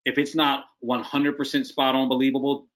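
A man's voice: mid-range voice, little pitch movement, moderate pace, a bit bright. A man working as a casting director, giving direct, emphatic advice in a video-call interview.

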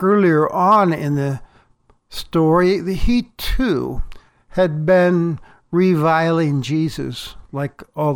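A male pastor delivering a sermon in a measured, deliberate way, pausing for emphasis. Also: a little high, smooth.

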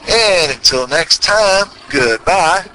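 Speaking slowly with lively intonation, this man has a high-leaning, sharp-toned voice, captured in a low-quality recording with slight background noise. He hosts a motivational podcast in a Texas accent, earnest and folksy, firing off rhetorical questions repeatedly.

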